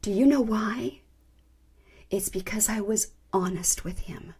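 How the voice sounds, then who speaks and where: A woman's voice: mid-range voice, unhurried, a little mellow, husky. A woman hosting a faith podcast, telling a personal testimony in a candid, earnest way and sometimes laughing at herself. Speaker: podcast host.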